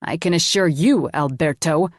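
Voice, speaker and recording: A woman's voice: low-pitched, moderate pace, no echo, studio quality. A woman narrator voicing a wealthy businessman who speaks with clipped, aggressive authority. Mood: commanding. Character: commanding rich businessman, used to being obeyed.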